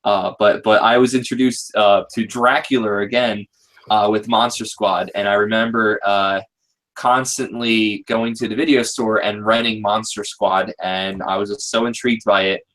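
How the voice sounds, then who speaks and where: Rambling low-voiced man hosting a chat. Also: fairly even intonation, normal speed, a bit bright. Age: 30s. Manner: rambling, many fillers and restarts. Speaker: podcast host. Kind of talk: casual group chat.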